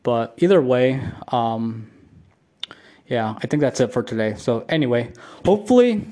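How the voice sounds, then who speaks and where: A man's voice: mid-range voice, expressive, unhurried, warm tone. A man telling a rambling vlog story at home, profane and repetitive, full of filler words. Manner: rambling, profane, repeats himself with many "like" fillers. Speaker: vlogger. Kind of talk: casual solo vlog storytelling.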